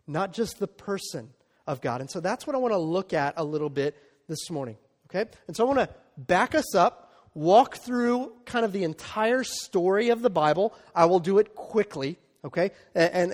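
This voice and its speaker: A man with a notably high voice preaches to his congregation, talking in a loose, conversational way and checking in with the room as he goes. The sound carries a long reverb, as if caught in a large church hall. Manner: conversational preaching with frequent "right?" and "okay?" asides. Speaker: pastor. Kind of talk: sermon.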